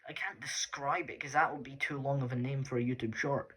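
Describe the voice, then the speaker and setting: A man's voice: medium pitch, steady tone, a little fast, fairly bright tone, slight background noise. A Scottish man talking casually to his viewers in a rambling, chatty way, full of fillers. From Scotland. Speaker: YouTuber. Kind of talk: casual vlog talk.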